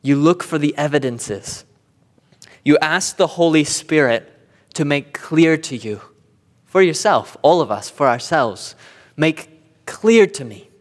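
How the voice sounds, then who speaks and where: A pastor delivers a sermon in an earnest, emphatic voice, stacking up repeated phrases to press his point. His voice sits somewhat high for a man. The sound carries a long reverb, as if from a large hall. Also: expressive, unhurried.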